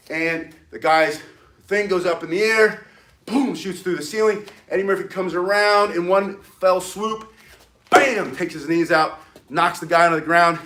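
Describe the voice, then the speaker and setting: A man's voice: sits high, fairly bright tone. A man teaching walking stick self-defense on a live stream, talking in a loose, rambling way and greeting viewers between moves. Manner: rambling, chatty, greets viewers mid-demonstration. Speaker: martial arts instructor.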